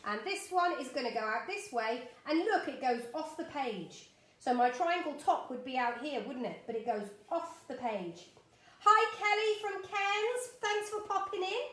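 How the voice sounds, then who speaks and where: Here the art teacher, a middle-aged woman, works through a live drawing lesson at home with a bright, high voice full of big pitch swings. She moves at a moderate pace, chatting encouragingly with viewers, and her voice rings through the spacious, echoey studio.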